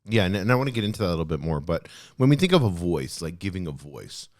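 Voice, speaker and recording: Very deep-voiced man hosting a podcast. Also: big pitch swings, fast talker, no echo, studio quality. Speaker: podcast co-host. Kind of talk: casual podcast chat.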